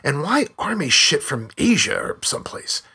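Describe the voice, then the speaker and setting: A man's voice: fairly high pitch, big pitch swings, moderate pace, pushed and bright, slightly rough, pitched above the performer's own voice, heavily acted. A man voicing an eager, curious yard owner who presses with cussing questions. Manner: pushy, swearing questions.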